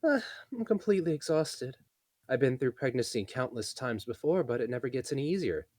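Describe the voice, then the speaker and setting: A man's voice: medium pitch, sing-song, fairly quick, a little mellow, dry recording, studio quality, pitched above the performer's own voice. A man voicing a chatty, flirtatious elf woman who talks in a sing-song voice.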